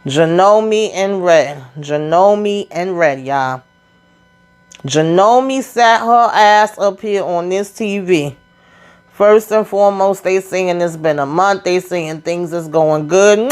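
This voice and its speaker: A woman hosting a casual reality TV recap, animated and sassy, acting out what the cast members said. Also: mid-range voice, a little slow, clear, resonant tone.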